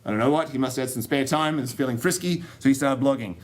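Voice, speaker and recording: A man's voice: medium pitch, fast talker. Australian man, conference speaker, tech talk, loose and jokey, lots of fillers. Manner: joking, loose and rambling, with many fillers and restarts. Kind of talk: technical talk to an audience. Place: conference room.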